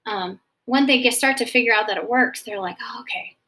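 Gentle woman counselor, higher voice. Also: fairly quick. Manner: explains gently, checks in with frequent "okay?". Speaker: Christian counselor teaching about anxiety. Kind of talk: faith-based teaching talk.

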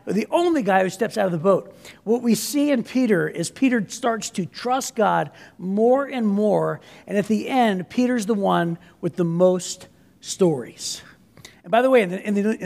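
A man delivers an energetic, conversational sermon with a high-pitched and gravelly voice. He keeps checking in with his listeners as he goes. The sound carries a long hall reverb. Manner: energetic, conversational, with frequent "right?" asides. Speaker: pastor.

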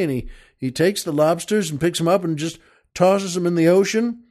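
A man's voice: fairly high pitch, normal speed, darkish tone. A man hosting a talk show, telling a joke in a folksy, rambling way and chuckling often. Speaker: host.

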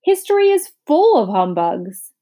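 Woman doing a blustering old humbug bug, boastful, grand, raised and loud, storybook read-aloud. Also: high-pitched, very animated, unhurried, voice pushed up. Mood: pompous. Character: pompous boastful old male humbug beetle.

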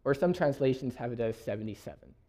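A man's voice: mid-range voice, expressive, fast talker, mellow. A young man from Canada giving a sermon, reading scripture aloud and laughing often. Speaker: preacher.

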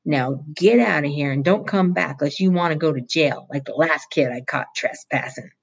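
A reader voicing a grumpy, bald, middle-aged male construction foreman in an audiobook, gruff and ungrammatical. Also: medium pitch, normal speed. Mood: stony. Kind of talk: audiobook character reading.

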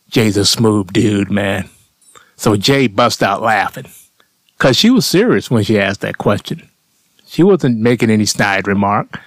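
Deep-ish male storyteller, dry close recording, blunt, profane, street-casual monologue. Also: dry recording. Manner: blunt, profane, conversational with "man" tags. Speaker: storyteller vlogger.

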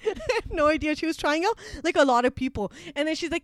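A woman's voice: sits high, big pitch swings, quick pace, no echo. A young woman in her twenties, a law student, telling a story in casual chat with lots of fillers, acting out quotes, laughing often.

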